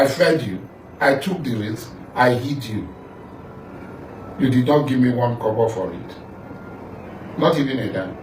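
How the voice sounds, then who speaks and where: Speaking in a mid-range voice, a middle-aged Nigerian man, a political figure, delivers a confrontational monologue that accuses and repeats itself while speaking directly to the listener. The audio carries slight hiss or hum, room echo, faint music, and a far-off mic position.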